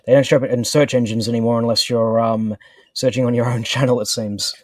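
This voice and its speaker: A man talking as a guest on a video call, halting with many fillers while he searches for things. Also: medium pitch, level tone. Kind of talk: casual video-call chat. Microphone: home computer mic on a call.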